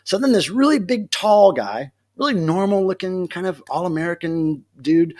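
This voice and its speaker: A man hosting a livestream from home, telling a story in a casual, animated way, laughing often and acting out what people said. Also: high voice, moderate pace. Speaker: livestream host. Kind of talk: casual storytelling to a live chat.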